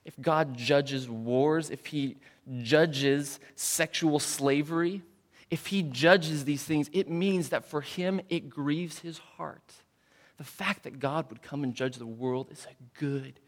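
A man preaching a sermon, dropping to near whispers and rising to loud, proclaiming crescendos. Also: fairly high pitch, takes it slowly. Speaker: pastor.

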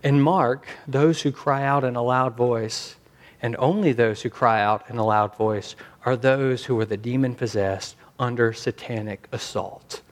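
A man preaching a sermon as pastor, earnest, slowing down and rising in volume for emphasis. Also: mid-range voice, fairly even intonation. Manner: earnest, slows and rises for emphasis.

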